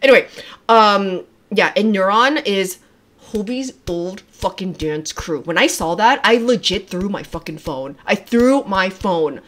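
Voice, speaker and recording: A young woman hosts a casual livestream from home, talking straight to her viewers. She gushes and gets excitable, with frequent swearing and many half-finished sentences she restarts. Her voice sits at an ordinary middle pitch for a woman. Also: unhurried. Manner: gushing, excitable, swears often, trails off and restarts. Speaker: livestreamer reacting to music videos.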